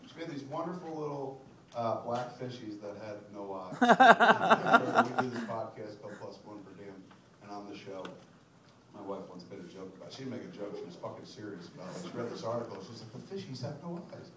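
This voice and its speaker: Middle-aged guy ranting and cracking jokes at a film q&a, lots of swearing, heard from way back in a boomy theater. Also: a little fast, a crowd in the background. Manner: profane, animated, laughing storyteller. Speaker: filmmaker answering audience questions. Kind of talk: live Q&A talk after a screening. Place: cinema auditorium with audience. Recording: echoey theater from far off with audience noise.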